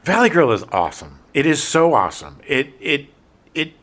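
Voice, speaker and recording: A man's voice: fairly high pitch, big pitch swings, moderate pace, fairly bright tone. A middle-aged man co-hosting a podcast, riffing in casual chat. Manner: riffing, mock voices in quotes. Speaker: podcast co-host.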